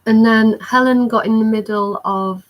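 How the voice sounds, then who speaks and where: Young woman, chatty vlogger, recounts a story with breathless excitement. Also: fairly high pitch, moderate pace, low-quality recording. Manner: excited, rambling recounting with many fillers. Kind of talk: storytime vlog.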